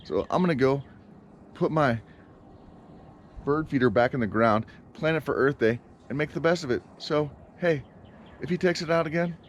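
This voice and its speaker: A man's voice: mid-range voice, expressive, normal speed, pauses often, slight background noise. A man talking casually outdoors in his yard for a vlog, rambling and exasperated, with many fillers and restarts. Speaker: vlogger.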